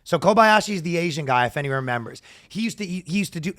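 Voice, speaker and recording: Man, high-pitched, very lively intonation, casual comedic podcast storytelling. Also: fast talker, no echo, clean studio sound. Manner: animated, acts out announcers with loud shouted quotes. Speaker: podcast co-host.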